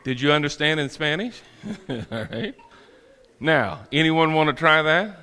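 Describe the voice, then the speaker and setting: A man's voice: on the high side, lively intonation, measured pace, pushed and bright, long reverb tail. A male preacher giving a sermon with folksy, humorous storytelling. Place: church sanctuary.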